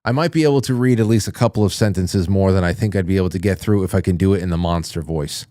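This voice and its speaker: A man's voice: low voice, quick pace, dark tone, no room sound, clean studio sound. A man hosting a call-in show, reading viewer messages aloud in a chatty, jokey way and reacting with surprise. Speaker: radio show host.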